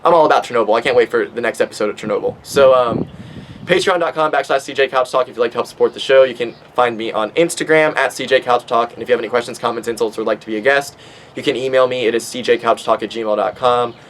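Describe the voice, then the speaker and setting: A man's voice: medium pitch, fast, fairly bright tone, slight background noise, low-quality recording. Rambling, swearing young man. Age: 20s. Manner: profane, rambling, with many fillers. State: stoned. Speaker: podcast host. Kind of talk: casual rambling monologue.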